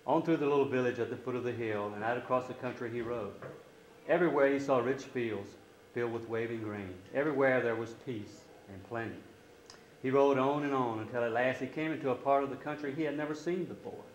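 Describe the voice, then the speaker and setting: A man reading a storybook aloud to a class, steady and expressive, lifting his voice for quoted lines. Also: medium pitch, a little fast, echoey room, dull audio, a little hiss or hum.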